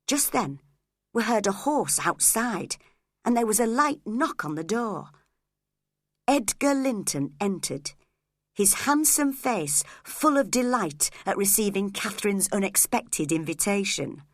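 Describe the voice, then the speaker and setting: A woman narrating a graded story for English learners, clear, expressive and deliberate. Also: medium pitch, dry recording, clean studio sound.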